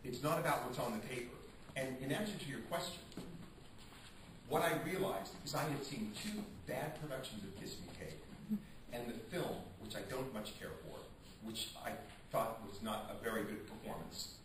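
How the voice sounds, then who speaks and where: Brief: male theater actor, lively storyteller, acts out quotes; roomy, noisy recording. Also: mid-range voice, normal speed. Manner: animated, acts out quotes, frequent restarts. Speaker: stage actor being interviewed. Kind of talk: casual interview storytelling. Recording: echoey room, distant mic, noisy.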